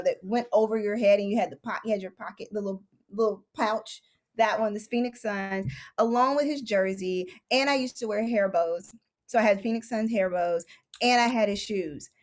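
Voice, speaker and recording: A woman in her thirties, a podcast guest telling stories in an animated, excitable way. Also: medium pitch. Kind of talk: casual chat, storytelling.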